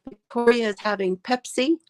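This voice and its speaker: A woman's voice: a little high, normal speed, darkish tone. A woman hosting a casual crochet livestream from her phone, chatting, laughing often and greeting viewers by name.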